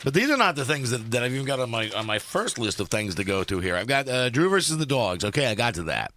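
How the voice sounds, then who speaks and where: A man's voice: medium pitch, sing-song, quick pace, bright, forceful tone, slight background noise. Sardonic rambling male radio host. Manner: rambling, sardonic, hops between topics. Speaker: radio talk show host. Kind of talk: casual radio talk. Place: radio studio. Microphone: studio microphone, dry.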